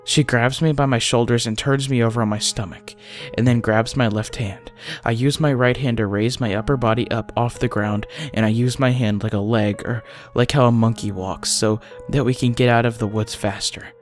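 A man narrating a first-person horror story, often dropping to a hushed, breathy delivery at tense moments. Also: fairly low pitch, fairly even intonation, normal speed. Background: faint music.

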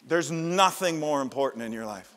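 A man's voice: fairly high pitch, lively intonation, normal speed, fairly bright tone. A middle-aged male pastor preaching a passionate, emphatic sermon with repeated phrases in a large church sanctuary. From Midwestern United States. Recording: long church-hall reverb.

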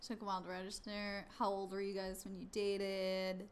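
A woman's voice: mid-range voice, completely flat delivery, unhurried, a little hiss or hum. A young woman speaking as a stream guest, blunt, frank and teasing. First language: not English. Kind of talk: casual chat.

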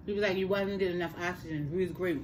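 A woman's voice: lowish voice, racing, slight background noise. Older woman telling a story. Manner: animated, repeats words for emphasis, addresses listeners as y'all. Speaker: host. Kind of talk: casual storytelling.

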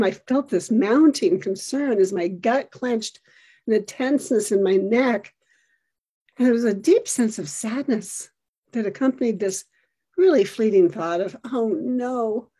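Middle-aged woman, personal storyteller, mellow breathy tone, reflective. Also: fairly high pitch. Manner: reflective, measured, descriptive. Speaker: parent telling a personal story.

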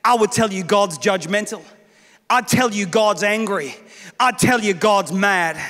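A male pastor preaching a lively, humorous sermon on a church stage, acting out voices as he speaks. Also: high-pitched, unhurried, faint music behind. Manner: animated, humorous, acts out voices. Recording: long reverb of a large hall.

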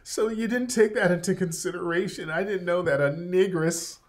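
A man's voice: high-pitched, normal speed, close to an everyday voice. A man mimicking a whiny woman who plays the victim, in a mock-tearful, whining voice.

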